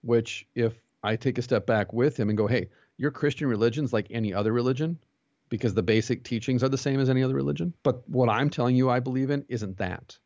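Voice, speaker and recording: A man's voice: mid-range voice, fast, darkish tone, dry recording, lo-fi sound. A man who is a pastor and jiu-jitsu instructor, talking earnestly as a podcast guest and telling stories with quoted dialogue. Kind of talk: conversational interview.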